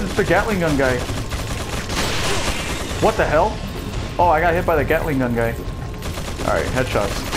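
A young man giving jokey, excitable let's play commentary, with loud bursts of surprise. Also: fairly high pitch, moderate pace, pauses often. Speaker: gameplay commentator. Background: family noise and faint game music.

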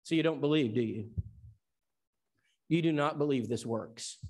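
A man's voice: a little high, normal speed, darkish tone. A man from Tennessee who teaches an evangelism seminar. He preaches in an emphatic storytelling style and acts out the dialogue. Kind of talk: sermon.

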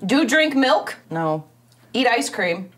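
A woman's voice: a little high, big pitch swings, takes it slowly, a bit bright. A woman hosting a casual taste-test video, teasing and dramatically complaining. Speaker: candy store video host.

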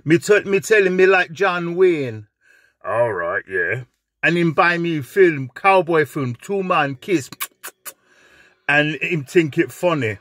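A man's voice: fairly high pitch, lively intonation, slow pace, dry recording, studio quality, faint music behind, pitched above the performer's own voice. A man putting on an indignant Jamaican man. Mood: complaining. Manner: heavy patois, indignant and loud. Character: angry Jamaican man, cowboy-film fan.

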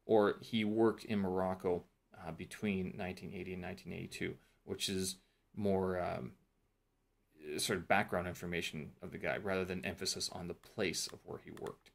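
A man with a fairly low voice talks through his study notes for a vlog. He rambles and thinks aloud, full of fillers and restarts, in a relaxed, unscripted way. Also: moderate pace, gravelly. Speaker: vlogger reviewing a teacher training course. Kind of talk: casual talk-through vlog.

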